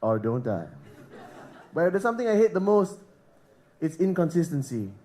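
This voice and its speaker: A high-voiced man from Singapore working a comedy club stage on a handheld mic. His delivery is deadpan and self-mocking, with jokes landing flat on purpose. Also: moderate pace. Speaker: stand-up comedian. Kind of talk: stand-up set.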